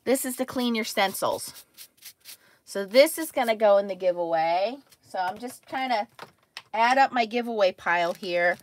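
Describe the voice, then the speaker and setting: A middle-aged woman hosting a crafting stream, telling a story in an animated way, laughing and acting out quotes. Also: medium pitch, moderate pace, a little hiss or hum. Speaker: crafting livestream host. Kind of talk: casual storytelling chat.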